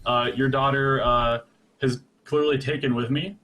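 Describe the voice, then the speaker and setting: A man's voice: medium pitch, steady tone, a little slow, a bit bright, a little hiss or hum. A young man playing his character in a tabletop game, earnest yet comic, stammering and laughing often. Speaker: player. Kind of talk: in-character tabletop role-play, casual and joking.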